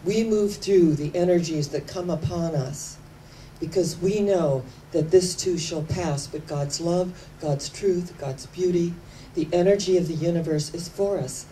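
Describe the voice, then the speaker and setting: A woman giving an inspirational sermon, telling stories with slow, emphatic phrasing that sometimes sinks to hushed tones. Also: lowish voice. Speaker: spiritual speaker. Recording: distant mic with faint background noise.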